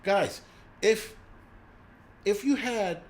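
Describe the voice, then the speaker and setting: A man's voice: high-pitched, extremely slow. A man hosting a live stream, ranting casually and profanely with lots of fillers.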